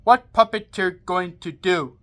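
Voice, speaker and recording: A woman's voice: fairly low pitch, unhurried, fairly bright tone. A woman voicing a proud male sultan in an amateur read-aloud story, speaking firmly. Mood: defiant.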